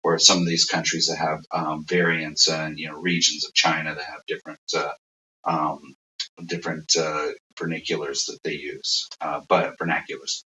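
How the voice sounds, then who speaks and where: A deep-voiced American man gives loose, rambling interview answers full of fillers and restarts. His tone is bright and forceful. He sits back from the mic in a roomy space, and the audio sounds dull. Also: flat delivery, normal speed, recorded from a distance. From USA. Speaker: interview guest.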